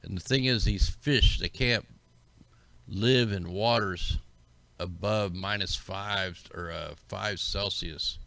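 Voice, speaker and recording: A man's voice: sits low, slow pace, gravelly, bright, forceful tone, no echo. A man hosting a livestream, rambling casually and conspiratorially as he talks through maps and greets his viewers. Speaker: livestream host. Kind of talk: casual commentary over maps.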